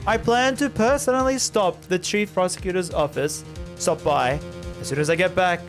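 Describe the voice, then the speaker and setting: A man's voice: high voice, normal speed, over music, lightly acted. A man doing a posh, composed prosecutor. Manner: posh, formal delivery. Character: posh composed male prosecutor, middle-aged. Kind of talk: reading game dialogue aloud.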